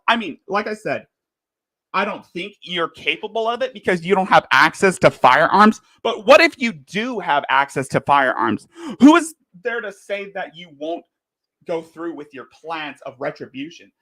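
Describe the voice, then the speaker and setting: A man's voice: high-pitched, sing-song, moderate pace, bright, forceful tone, no room sound. A man in a heated, profane commentary rant, lurching between fury and apology. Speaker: livestream commentator. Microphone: desk microphone.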